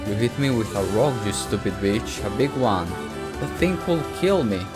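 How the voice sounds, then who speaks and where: A man voicing a cruel village bully boy, sneering and taunting, over clear background music. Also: mid-range voice, big pitch swings, normal speed, natural voice. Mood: panicked.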